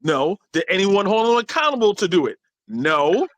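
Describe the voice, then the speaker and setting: A man co-hosting a panel talk show, arguing emphatically with many quick restarts over a remote call. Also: high voice, very animated, no room sound, rough recording. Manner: emphatic, argumentative, frequent restarts. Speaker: podcast co-host. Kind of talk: heated panel debate.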